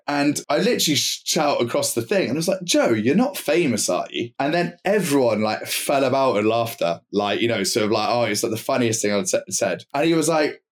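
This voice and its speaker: A man telling a long story as a podcast guest, rambling with many fillers and restarts. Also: mid-range voice. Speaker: podcast guest, club night owner. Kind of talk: casual anecdotal storytelling.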